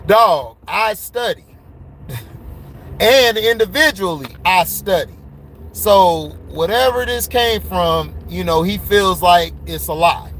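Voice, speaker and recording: A man with a high voice gives a blunt, excitable sports commentary, laughing between his points. He talks casually, straight to his viewers. Faint traffic noise hums behind him. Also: takes it slowly, rough recording.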